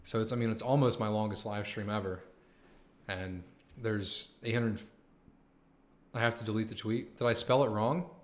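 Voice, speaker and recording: A young man hosting a live stream, chatting casually with his viewers, excited and slangy, swearing and saying "man" and "dude" a lot. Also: fairly low pitch, fast talker, hardly any pauses. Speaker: livestream host.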